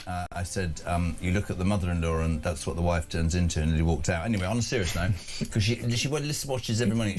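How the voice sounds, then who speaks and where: A man hosting a live breakfast radio show, telling jokey anecdotes and chatting with callers and guests. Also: fairly low pitch. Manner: jokey anecdotal storytelling, mimics voices.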